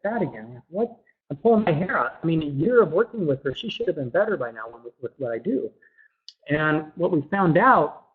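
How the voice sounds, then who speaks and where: A man's voice: fairly high pitch, slightly rough. Chatty man on a dull webinar mic. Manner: chatty, repeats words, fills with um. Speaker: webinar presenter. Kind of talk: casual webinar talk.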